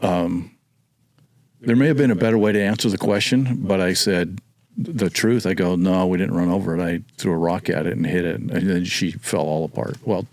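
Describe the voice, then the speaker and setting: A man in his sixties with a deep, darkish voice is heard on a dry recording as a podcast guest. He tells a childhood story in a rambling, casual way, correcting his own memory as he goes.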